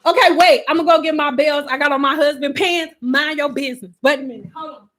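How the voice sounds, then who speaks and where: A woman hosting a casual hair care livestream, talking animatedly with a sassy, blunt manner and swinging between loud outbursts and quiet asides. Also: sits high, fairly even intonation, quick pace. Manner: says her own voice sounds a little aggressive.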